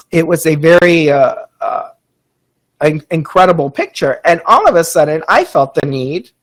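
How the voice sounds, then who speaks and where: Male podcast host with a slightly high voice, loose and rambling, frequent ums. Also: low-quality recording. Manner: rambling, chatty, with frequent fillers; reads out audience chat comments. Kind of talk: casual storytelling podcast.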